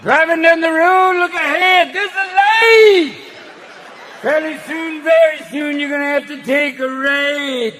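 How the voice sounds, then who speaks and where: A man's voice: extremely high pitch, fairly even intonation, measured pace, a crowd in the background, noisy background, pitched above the performer's own voice. A man voicing a rambling male folk singer as a car navigation voice, with a nasal sing-song drawl. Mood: meandering.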